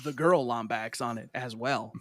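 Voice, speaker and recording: A young man hosting a podcast, chatting casually and telling stories with animated voices. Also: medium pitch, normal speed, dry recording, studio quality. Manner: animated storyteller, acts out voices when retelling. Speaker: podcast host. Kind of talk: casual chat.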